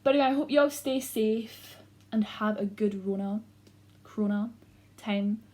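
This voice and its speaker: A woman's voice: medium pitch, normal speed, darkish tone. A teenage girl with a Scottish accent, chatting casually to camera in a vlog and leaning heavily on "like" fillers. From Scotland. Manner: chatty, heavy use of "like" fillers. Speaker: YouTuber.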